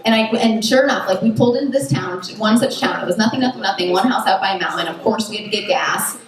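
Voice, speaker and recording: A woman's voice: mid-range voice, fast, crowd noise. A young woman performing a stand-up comedy set, chatty and self-mocking, full of "like" and "you know what I mean". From United States. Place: comedy club stage at a festival. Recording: very echoey distant room recording with noise. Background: audience laughter.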